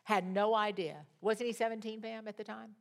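A middle-aged woman teaching a Bible study, telling personal stories in a dramatic, expressive way. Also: medium pitch, moderate pace, gravelly.

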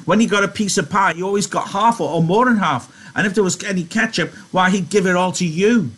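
Man doing a scolding old aunt, nagging, reproachful, high husky voice. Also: fairly quick, a bit bright. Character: scolding elderly aunt, as imagined by a simple man.

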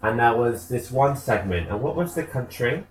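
A man's voice: mid-range voice, lively intonation, normal speed, echoey room, a little hiss or hum, low-quality recording. A man co-hosting a podcast, talking in a dry, hesitant way full of fillers. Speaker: podcast co-host. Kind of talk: casual chat.

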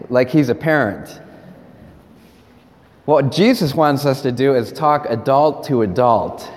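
A man, a priest, giving a playful interactive homily, coaxing volunteers and laughing along. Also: medium pitch. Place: large hall with audience. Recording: long hall reverb.

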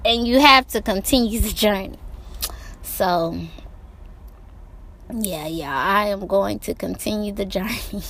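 Slow, gravelly-voiced woman preaching to herself. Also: mid-range voice, fairly bright tone, slight background noise. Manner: emphatic, repetitive, preachy. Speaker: vlogger. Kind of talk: motivational self-talk. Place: outdoors by the ocean.

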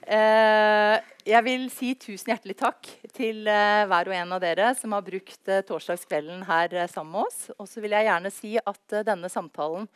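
Woman hosting a panel, calm and steady, dry close sound. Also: medium pitch, normal speed, few pauses, smooth, no echo. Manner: calm, with quiet backchannel murmurs. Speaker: moderator. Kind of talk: closing remarks and listening.

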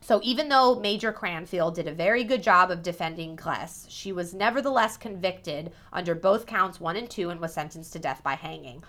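A young woman co-hosting a casual chat podcast, telling a dark history story with profane asides. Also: on the low side, moderate pace, hardly any pauses.

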